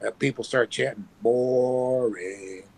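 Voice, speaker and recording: A former pro wrestler telling animated stories with sound effects, talking on his phone from work. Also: fairly high pitch, a little fast, no room sound, rough recording. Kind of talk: casual storytelling.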